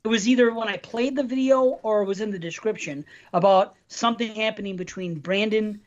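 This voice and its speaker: A man's voice: high-pitched, a little fast. A man co-hosting a podcast, chatting casually and rambling through stories, cursing freely. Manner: rambling and storytelling with profanity. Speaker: podcast co-host. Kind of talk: casual chat. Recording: dull lo-fi sound.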